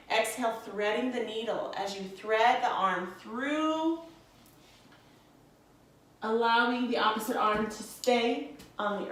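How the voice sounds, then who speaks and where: A young woman teaching a guided yoga class, speaking in a soothing, encouraging way and calling her listeners friends. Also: a little high. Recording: echoey room from a distance.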